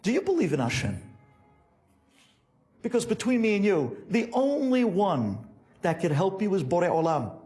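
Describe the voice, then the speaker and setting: An elderly rabbi, earnest and insistent, pressing his questions as a storyteller puts him on. The voice sits high and swoops widely with feeling. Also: very animated, moderate pace, pauses often, darkish tone.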